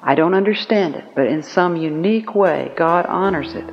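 Female conference speaker, lower voice, earnest storytelling, dull lo-fi sound with long reverb. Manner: storytelling, earnest, slow emphatic phrasing. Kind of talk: recorded Christian teaching message.

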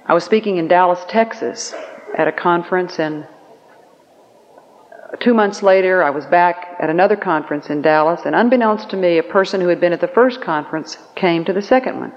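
A woman giving a Christian teaching message at a conference, telling stories in an earnest, measured way. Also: fairly low pitch. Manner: storytelling, earnest, slow emphatic phrasing. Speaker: conference speaker. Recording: lo-fi recording with long reverb.

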